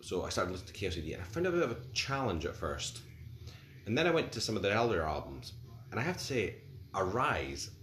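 A low-pitched, sing-song, fairly bright voice belongs to a fast-talking man in his forties who co-hosts a casual music podcast. He rambles, hesitates, and fills and restarts a lot, in a roomy recording with faint background hiss.

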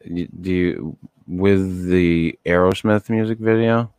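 A man with a low, deep voice talks loosely on a podcast, swearing and wandering off into tangents with a laugh. The sound is dry and close to the microphone. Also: slow, a little mellow, clean tone, no echo. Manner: profane, rambling, laughing often. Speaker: podcast co-host. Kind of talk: casual chat.

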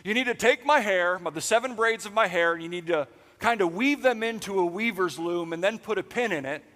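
A cocky strongman who breezily teases his lover, as a man acts him out. The voice is high and upbeat, close to the preacher's own. It rings with the long reverb of a church hall. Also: fairly quick, fairly bright tone. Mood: teasing. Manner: flippant, teasing.

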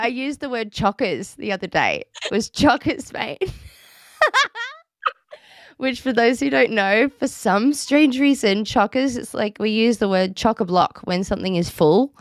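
A woman's voice: medium pitch, no echo, studio quality. An Australian woman hosting a podcast, affirming her guest and steering the conversation in a casual chat. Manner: affirming listener who steers the topics.

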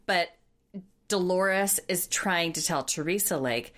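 A woman's voice: lowish voice, slow, a bit bright. A woman co-hosting a podcast in a casual, blunt and opinionated chat. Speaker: podcast co-host.

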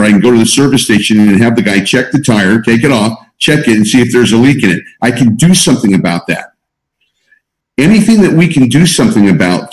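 A man leads a small group of students through a teaching talk, pressing hard on his main points and repeating them. His voice sits at an ordinary middle pitch. The room around him gives it a noticeable echo. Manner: emphatic, repeats key points. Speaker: coach guiding a group of students. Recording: roomy echo.

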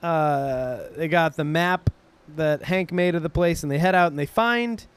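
A man co-hosting a casual book podcast, trading deadpan jokes and reading passages aloud. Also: on the high side, a little slow, smooth, dry recording. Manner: jokey, deadpan banter. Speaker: podcast co-host.

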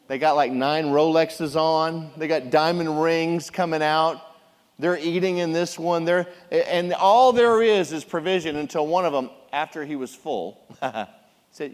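Middle-aged male pastor, lively joking sermon delivery, slightly higher voice, long hall reverb. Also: unhurried. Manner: animated, jokey storytelling preacher.

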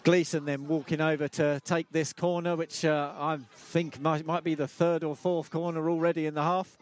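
A man's voice: on the high side, little pitch movement, normal speed. A man giving live, chatty club football commentary from the ground.

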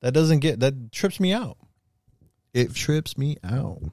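A man's voice: medium pitch, very animated, slow pace, darkish tone, no echo, studio quality. A man in his thirties telling stories in casual, profane chat and acting out quotes as he goes. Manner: profane, storytelling, acts out quotes.

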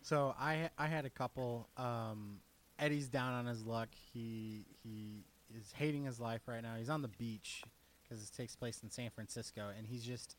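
A young man hosting a podcast, relaxed as he leads the segment with quick asides. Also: mid-range voice, a little hiss or hum. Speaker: podcast host. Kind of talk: casual podcast chat.

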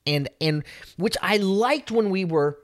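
Man podcast co-host, casual chat, lively storyteller who acts out the lines. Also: sits high, a little slow. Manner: animated storyteller, acts out quotes.

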